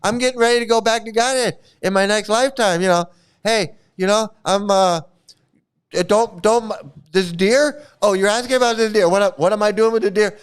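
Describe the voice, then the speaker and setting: A man's voice: high voice, steady tone, normal speed, clear, resonant tone, close to an everyday voice. A man voicing a sheepish, evasive man who brushes off questions about his deer.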